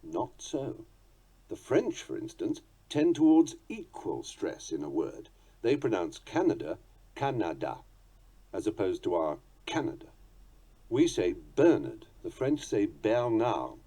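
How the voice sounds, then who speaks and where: A man's voice: fairly low pitch, sing-song, a little slow, dark tone, breathy edge. A man with a British English accent reading a book on poetry aloud, dry, precise and wry. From England.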